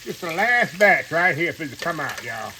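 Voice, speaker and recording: A man's voice: on the high side, big pitch swings, normal speed, sharp tone, poor audio. A man who hosts a home cooking channel, chatting with his viewers in a folksy way while he fries shrimp. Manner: folksy and chatty, often calls viewers "y'all", laughs at his own jokes. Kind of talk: casual cooking demonstration. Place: home kitchen with shrimp frying. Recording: clear frying and kitchen noise. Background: oil sizzling and frying sounds.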